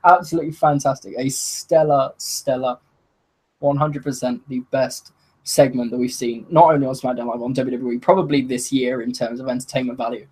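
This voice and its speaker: A man giving a solo review of a wrestling show, excitable and laughing, swearing often and acting out what the wrestlers said. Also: mid-range voice, fairly quick, slightly rough, poor audio. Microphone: video call.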